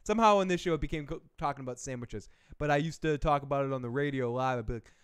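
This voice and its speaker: A man's voice: medium pitch, fast, clear, resonant tone. A man hosting a live stream, rambling in casual chat with profane, chuckling asides. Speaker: show host.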